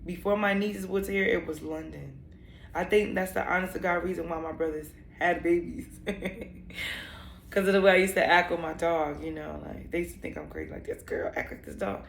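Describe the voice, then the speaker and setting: A woman's voice: lowish voice, lively intonation, normal speed, echoey room, a little hiss or hum. A young woman telling a personal story in a vlog, candid and emotional, rambling with many fillers. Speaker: vlogger.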